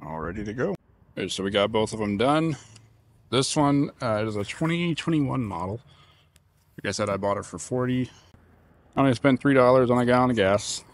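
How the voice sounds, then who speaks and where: A man's voice: medium pitch, animated, moderate pace. A man narrating his repair work in a plain, matter-of-fact way, thinking aloud as he goes. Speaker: small-engine repair YouTuber. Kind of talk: casual workshop narration.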